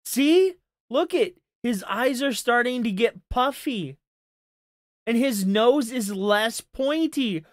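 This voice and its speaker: A woman's voice: fairly high pitch, animated, slow, dry recording, studio quality. A woman doing casual reaction commentary over a stream clip, mocking and profane, repeating her jabs.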